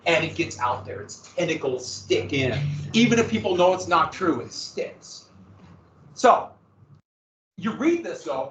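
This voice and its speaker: A male history teacher lecturing a class in a lively manner, with sarcastic asides to his students. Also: fairly high pitch, slight background noise. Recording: echoey, distant, dull classroom recording.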